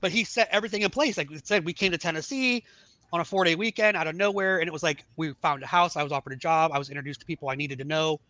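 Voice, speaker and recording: A middle-aged man telling his life story in a casual podcast chat, acting out the dialogue of the people in it with animated voices. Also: fairly high pitch, racing, no room sound. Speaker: podcast guest.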